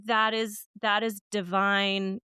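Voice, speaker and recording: Host: smooth-voiced woman, reflective and careful with words, dry sound. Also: mid-range voice, little pitch movement, takes it slowly, pushed and bright, dry recording. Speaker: podcast host. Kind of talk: casual interview chat.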